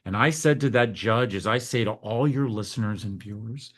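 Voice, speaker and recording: A man's voice: lowish voice, normal speed, few pauses, a bit bright. A middle-aged American man, a foster care advocate, telling his story in an interview with earnest, heartfelt feeling.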